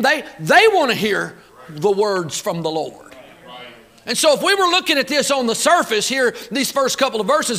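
A man's voice: extremely high pitch, sharp tone. A man preaching a sermon, fired up and folksy, talking back and forth with the crowd. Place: church auditorium.

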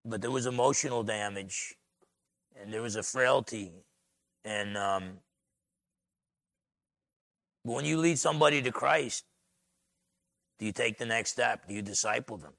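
A man with a New Jersey accent, a pastor preaching a sermon in an animated, storytelling way. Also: lowish voice, gravelly, no room sound.

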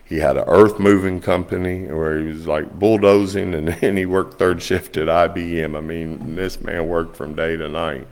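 A pastor with a deep, gravelly voice tells stories from the pulpit. His delivery is folksy and animated, with plenty of fry at the ends of phrases. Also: moderate pace, few pauses. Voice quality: low gravelly voice. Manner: folksy, animated storytelling, rising high when quoting others. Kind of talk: storytelling sermon.

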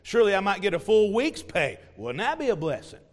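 High-voiced preacher in a reverberant church. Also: male voice, sing-song, fairly quick. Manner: conversational, joking with congregation, acts out voices. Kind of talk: evening sermon. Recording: long hall reverb.

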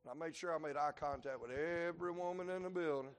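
A man, preaching a sermon to a congregation. He moves between quiet, folksy asides and shouted climaxes. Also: a little high, fast, smooth. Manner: folksy humor, plainspoken dialect. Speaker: traveling preacher. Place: church building before a congregation.

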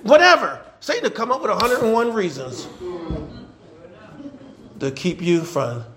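A man, a pastor preaching a sermon in a church, repeating phrases and building to shouts. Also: high-pitched, huge pitch swings, a little slow, crowd noise. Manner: repetitive call-and-response preaching, swelling to shouts.

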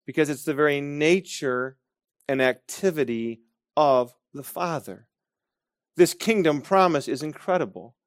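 A man from Michigan preaching a sermon, telling stories and slowing down to stress key phrases. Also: a little high, no room sound, studio quality. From Michigan, USA. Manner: storytelling, emphatic with slow stressed phrases.

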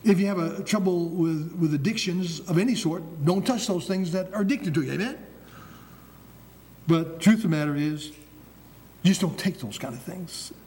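Speaking at a moderate pace, a man preaches with a darkish, high-sitting voice and the accent of Michigan's Upper Peninsula. He is emphatic, says phrases more than once, and now and then fumbles his words, recorded in an echoey hall with slight background noise.

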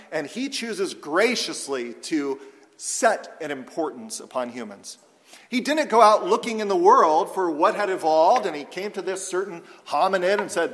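Emphatic preacher in a reverberant hall. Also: male voice, on the high side, a bit bright. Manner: measured, emphatic, slows on quoted scripture. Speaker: pastor. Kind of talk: expository sermon.

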